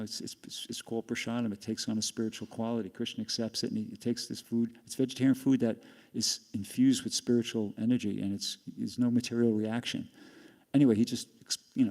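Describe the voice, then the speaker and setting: Older guy rambling through a story, warm mellow voice, big echoey hall. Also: mid-range voice, creaky. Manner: rambling, animated storytelling with laughs. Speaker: speaker giving a class. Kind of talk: storytelling talk. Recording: long hall reverb.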